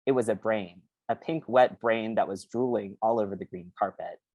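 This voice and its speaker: An author reading their novel aloud at a bookstore event, then talking about writing it in a halting way with many fillers. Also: male voice, on the low side, a little mellow, no echo, highs cut off.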